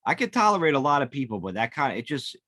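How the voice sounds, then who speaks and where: A man's voice: medium pitch, sing-song, fast, sharp tone, dry recording, clean studio sound. A man hosting a podcast, chatting casually with crude, laid-back banter. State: drowsy from a gummy and cold medicine. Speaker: podcast host. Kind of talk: casual chat.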